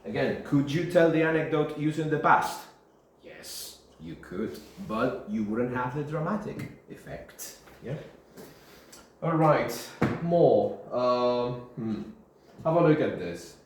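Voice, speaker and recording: A man's voice: medium pitch, slow pace. A male English teacher giving a classroom grammar lesson, repeating key terms and checking in with his students. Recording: very echoey room, faint background hiss.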